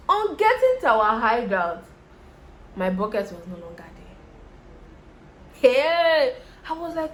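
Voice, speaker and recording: Speaking slowly in a high-pitched voice, a young Nigerian vlogger with a Nigerian accent does her make-up and tells her viewers a story, addressing them directly in a lively, chatty way. There's a little hiss or hum in the audio.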